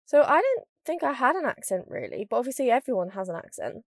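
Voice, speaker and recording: A woman's voice: fairly high pitch, sing-song, no echo, clean studio sound. Rambling young woman, mild northern accent. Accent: mild northern English. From northern England. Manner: fast rambling, lots of "like". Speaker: podcast host. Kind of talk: casual chatty monologue.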